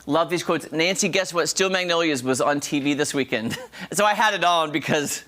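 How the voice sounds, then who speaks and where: Morning tv guy, kinda high voice, chatty, reading viewer posts. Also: moderate pace, a bit bright. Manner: chatty, reads viewer comments aloud. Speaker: morning show host. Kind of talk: casual studio chat. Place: TV studio.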